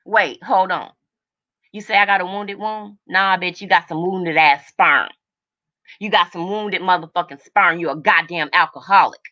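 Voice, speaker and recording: A woman's voice: on the low side, moderate pace, pushed and bright, dull audio. Furious profane middle-aged woman ranting. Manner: furious, profane, confrontational, repeats lines for emphasis. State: agitated and overheated. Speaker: livestream host. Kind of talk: angry livestream rant.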